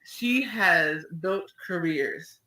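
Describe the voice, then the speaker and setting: A woman's voice: on the low side, expressive, drawn-out words, pushed and bright. A woman hosting an online radio interview, talking in an effusive, emotional way with many restarts. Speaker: radio show host. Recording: echoey room, distant mic.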